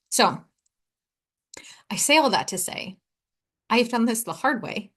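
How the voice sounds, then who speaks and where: A woman's voice: fairly high pitch, animated, a bit bright. A woman hosts her own podcast and tells a personal story in a loose, candid way. She rambles a little, steps aside mid-thought, and acts out what she and others said. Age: adult, four and a half years sober. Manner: candid, rambling, with quick asides and acted-out quotes. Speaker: podcast host.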